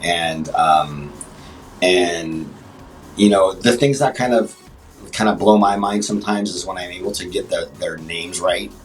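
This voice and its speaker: A man talking as a guest on a livestream chat show, speaking haltingly with many restarts and fillers. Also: sits low, recorded from a distance, faint music behind, low-quality recording. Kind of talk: casual interview chat.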